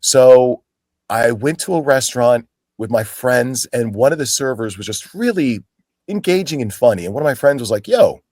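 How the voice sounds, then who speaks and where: A man's voice: mid-range voice, normal speed, no room sound, clean studio sound. A man in his forties from Pennsylvania, an actor telling stories as a guest in a casual, chatty way, filling his talk with "like". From Pennsylvania, United States. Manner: animated, chatty, full of "like" fillers, acts out quoted people. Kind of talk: casual storytelling in an interview.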